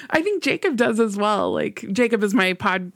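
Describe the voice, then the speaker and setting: A woman's voice: mid-range voice, lively intonation, moderate pace, no echo, clean studio sound. A woman guesting on a film podcast, agreeable and giggly, with many short replies. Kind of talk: casual film chat.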